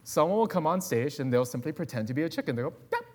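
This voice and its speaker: Animated man preaching a conversational sermon. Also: on the high side, very fast. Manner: animated and conversational, with personal asides. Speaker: guest pastor.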